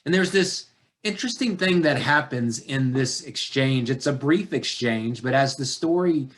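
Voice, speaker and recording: The man preaching here is a pastor whose medium-pitched voice is expressive. He speaks deliberately and searchingly to his congregation, returning again and again to rhetorical questions.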